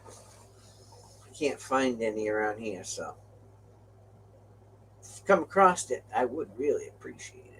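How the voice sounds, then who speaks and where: An older man casually telling trucking stories to his viewers, animated, swearing now and then and laughing along. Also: mid-range voice, slow pace, pauses often, a little hiss or hum. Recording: distant from the mic.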